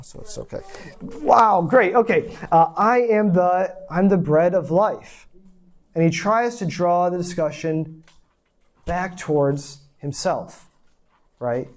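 A man's voice: fairly high pitch, darkish tone. A man preaching a sermon in a conversational teaching manner, with rhetorical asides and quoted lines done with mock indignation. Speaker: pastor.

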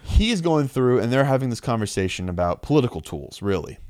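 A man casually recapping a comic book story as podcast co-host, animated, acting out quick quotes. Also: mid-range voice, dry recording. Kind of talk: casual chat.

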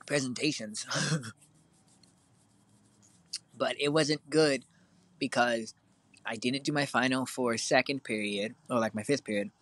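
A man's voice: medium pitch, measured pace, pauses often, a bit bright, no echo. A teenage boy co-hosting a casual chat, telling a long story with lots of fillers and restarts. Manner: rambling, filler-heavy storytelling.

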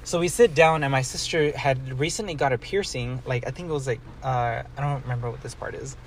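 A man's voice: mid-range voice, fairly quick, slight background noise. A young man rambling through a casual story, full of "like" and casual swearing, talking as a co-host.

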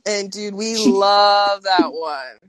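A young woman co-hosting a casual podcast, telling quick anecdotes, laughing and swearing freely. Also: medium pitch, fairly bright tone, no echo. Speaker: podcast co-host. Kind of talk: casual chat.

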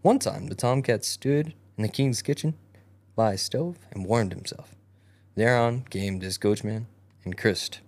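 Low-voiced man reading a fairy tale aloud. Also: unhurried. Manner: animated, stumbling over old-fashioned wording. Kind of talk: casual storytelling read-aloud.

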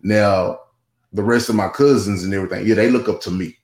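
A man's voice: fairly low pitch, fairly even intonation, brisk, a little mellow. A man talking in a casual podcast conversation, rambling with many restarts and asides. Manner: rambling, with many restarts and "you know what I'm saying". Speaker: guest. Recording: roomy echo.

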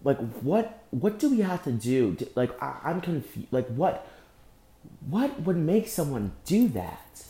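A young man hosting a solo podcast, speaking angrily and with deep emotion, often breaking off and repeating himself. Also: big pitch swings, measured pace, mellow, reverberant. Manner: angry, emotional, repeats and restarts. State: emotionally shaken. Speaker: podcast host. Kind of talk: impassioned solo podcast monologue.

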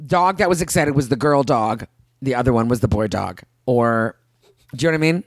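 Animated woman telling a story. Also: fairly quick, no room sound, clean studio sound. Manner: animated storyteller, acts out quotes with big pitch jumps. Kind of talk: casual chat.

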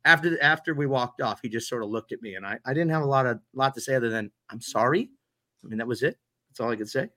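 Male podcast co-host, animated self-deprecating storyteller, mid pitch, casual. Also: fast. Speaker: podcast co-host and paintball player.

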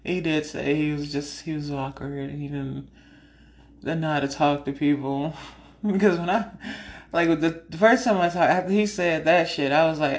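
A podcast host chats casually and frankly, laughing often as she tells stories. She is animated, acting out her own side of conversations, and her voice sits low at a normal speed.

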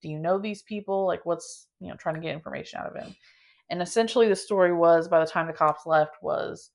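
Low-pitched young woman, podcast host, casual and dramatic storyteller, leans on "like.". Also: brisk, creaky. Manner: dramatic, animated telling with many filler "like"s.

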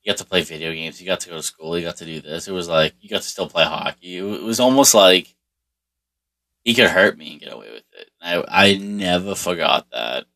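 A man's voice: sits low, expressive, a little fast, sharp tone. A middle-aged man telling a personal story in a rambling, profane way, full of restarts and fillers. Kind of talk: casual storytelling monologue.

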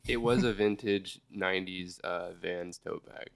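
A man guesting on a casual podcast, easygoing, giving short, relaxed replies. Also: sits low, a little slow, gravelly, no echo. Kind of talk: casual chat.

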